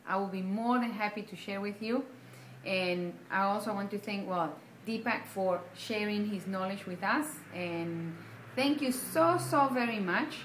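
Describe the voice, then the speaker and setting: A woman's voice: medium pitch, fairly bright tone. A woman presenting a self-help video, speaking in an earnest, encouraging way and often checking in with her listeners by asking "okay?" or answering her own questions. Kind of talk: motivational talk to camera. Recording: echoey room with faint background noise.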